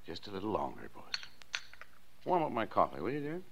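A man's voice: on the low side, wildly swooping pitch, fairly quick, creaky, a bit bright, slight background noise, exaggerated voice. An actor playing an easygoing small-town father who soothes and humors his daughter in 1940s radio acting. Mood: nostalgic. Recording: dull old radio broadcast.

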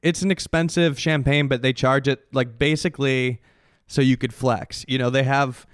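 A young man tells a long story in loose, casual conversation, padding it with fillers and trailing restarts. His voice is smooth and clear. The sound is dry and close, with no room around it. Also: medium pitch, steady tone, normal speed, no echo. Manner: rambling, many fillers and restarts.

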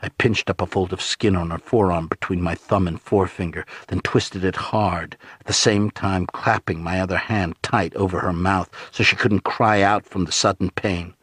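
A man with a husky voice, narrating an audiobook in a low, grave, hushed tone. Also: steady tone, moderate pace, few pauses, no echo, clean studio sound.

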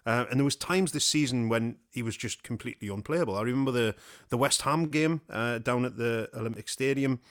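A man's voice: medium pitch, brisk, dry recording, studio quality. A man hosting a casual football chat, rambling and joking with his co-hosts. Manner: jokey, laughs often, rambling. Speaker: podcast host.

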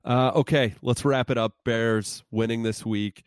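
A man's voice: medium pitch, steady tone, measured pace, clear, resonant tone, no echo, clean studio sound. A man co-hosting a podcast, chatting casually with rambling, self-deprecating asides. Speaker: podcast co-host.

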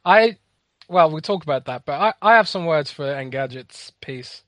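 A man co-hosting a gaming podcast who talks in a wry, sarcastic way and often laughs or trails off quietly. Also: on the high side, animated, moderate pace, dry recording. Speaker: podcast co-host. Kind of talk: casual podcast chat.

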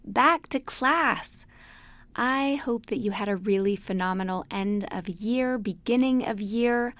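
A woman's voice: fairly high pitch, a little slow, fairly bright tone, no room sound. A middle-aged woman teaching a class, chatting casually and telling a story with frequent laughs. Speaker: class instructor. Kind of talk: casual spoken lecture.

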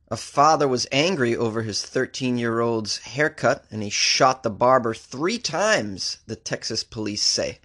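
A man's voice: medium pitch, animated, measured pace, fairly bright tone. A man who is a comedian, hosting a daily weird-news podcast with wry jokey asides between stories. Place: recording in Los Angeles.

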